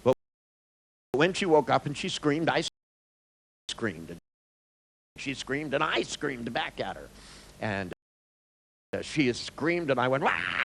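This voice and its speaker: A man's voice: mid-range voice, creaky, rough recording. A male therapist tells a story, and his voice swings up and down as he acts out each scene. He halts and restarts words often. Faint room noise sits under him. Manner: animated storyteller who acts out scenes and dialogue; halting, with frequent restarts. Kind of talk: storytelling talk.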